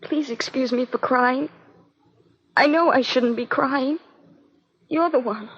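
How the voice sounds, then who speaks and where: A woman's voice: sits high, slow, breathy edge, heavily acted. An actress playing a tearful young woman, crying as she speaks. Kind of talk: 1950s radio drama acting. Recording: dull lo-fi old radio broadcast.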